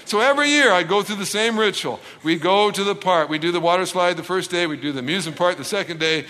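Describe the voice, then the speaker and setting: A middle-aged man from Canada preaching with an animated storytelling manner, acting out dialogue with self-deprecating humor. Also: high-pitched, fast, few pauses. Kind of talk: storytelling sermon. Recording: long reverb in a large hall.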